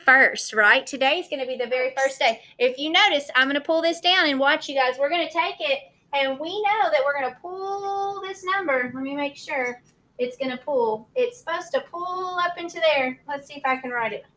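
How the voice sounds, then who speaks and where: At normal speed and a high pitch, her pushed, bright voice carries a cheerful sing-song as she coaxes young children through their morning meeting. She teaches kindergarten online by video call.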